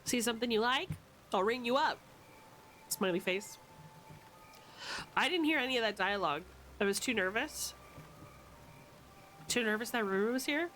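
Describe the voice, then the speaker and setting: A young adult woman streaming a video game with loud, playful, swearing commentary and frequent yells at the game. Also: fairly high pitch, expressive, normal speed, long pauses, slight background noise. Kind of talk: casual gameplay commentary.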